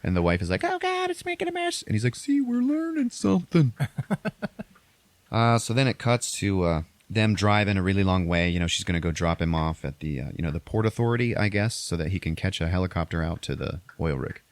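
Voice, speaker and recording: Low-voiced man casually recapping a movie. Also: fast talker, hardly any pauses, dry recording. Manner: profane, rambling, acts out characters in exaggerated high voices. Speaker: podcast host recapping a movie. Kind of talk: casual chat.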